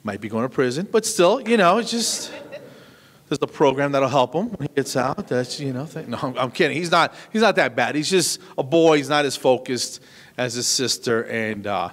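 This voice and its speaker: Male stand-up, fifties, self-deprecating rambler, mid-pitched, long hall reverb. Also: lively intonation, moderate pace, fairly bright tone. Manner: self-deprecating, rambling with restarts, acts out voices. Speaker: stand-up comedian. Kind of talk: stand-up comedy set.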